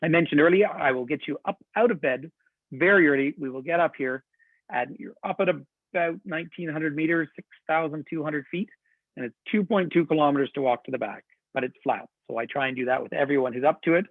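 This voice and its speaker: A man's voice: on the high side, fairly quick, dry recording. Man, tour director, chatty and enthusiastic, tinny phone-like sound, dry. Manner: chatty, enthusiastic storytelling with laughs. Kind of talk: webinar presentation.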